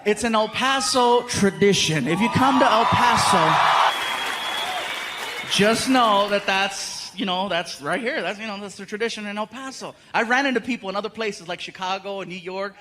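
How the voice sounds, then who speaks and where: Man, comedian, high voice, friendly shout-outs, loud crowd, noise. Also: normal speed. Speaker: stand-up comedian. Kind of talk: stand-up, chatting with the crowd.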